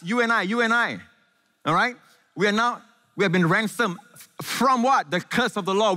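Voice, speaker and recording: A man preaching a sermon to a congregation, often quizzing them with quick questions. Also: high-pitched, bright, forceful tone. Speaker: pastor. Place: large church hall before a congregation. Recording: echoey hall.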